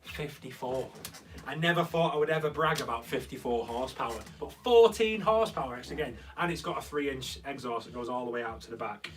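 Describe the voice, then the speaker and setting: A man's voice: medium pitch, expressive, brisk. A young man hosts a casual live stream from a converted studio room, chatting and answering viewer comments as they come in. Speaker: host. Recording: slightly distant mic with faint guitar music.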